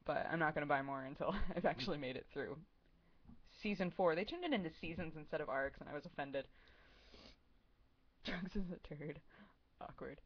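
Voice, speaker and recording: A woman's voice: sits low, moderate pace, long pauses. A young woman in her twenties chatting casually on a livestream, answering viewer questions in a rambling, giggly way full of "like" and "um". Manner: rambling, giggly, heavy use of "like" and "um". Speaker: streamer answering chat questions. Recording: dull lo-fi stream audio.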